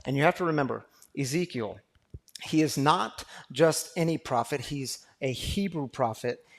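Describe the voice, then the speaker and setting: A man, pastor of a recovery community, preaching a sermon that moves from quiet storytelling to loud, fervent exhortation. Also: mid-range voice, expressive, normal speed, gravelly.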